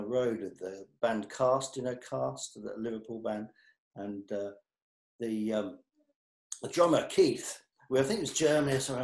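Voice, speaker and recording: A man's voice: medium pitch, darkish tone. A man chatting casually and rambling self-deprecatingly as he unboxes his own box set. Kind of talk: casual chat. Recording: roomy echo.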